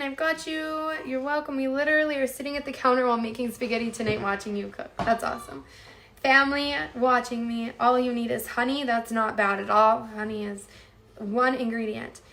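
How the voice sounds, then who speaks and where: Bright high-voiced woman chatting with viewers. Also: moderate pace. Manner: chatty, upbeat, addresses viewers as "you guys". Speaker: cooking livestream host. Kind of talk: casual live chat reading viewer comments.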